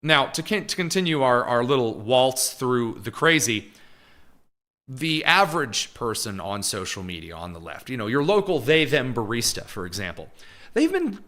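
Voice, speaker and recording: A man's voice: mid-range voice, sing-song, normal speed, pushed and bright. A man hosting live political commentary, talking in a sarcastic, mocking way.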